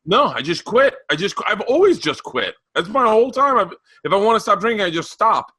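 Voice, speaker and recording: Animated storyteller man, bright and dry. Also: high voice, a little fast, breathy edge, no room sound. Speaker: podcast guest. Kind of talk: casual chat.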